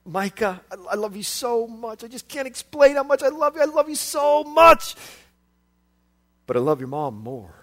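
A man voicing a loving father who speaks gently and earnestly to his son, soft and tender. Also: extremely high pitch, big pitch swings, moderate pace, no room sound, exaggerated voice.

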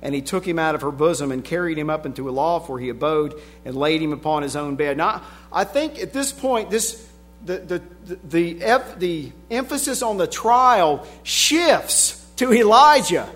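A man preaching a sermon, reading scripture aloud and swinging from hushed passages to shouted emphasis. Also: on the high side, expressive, normal speed. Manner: reads scripture in King James wording.

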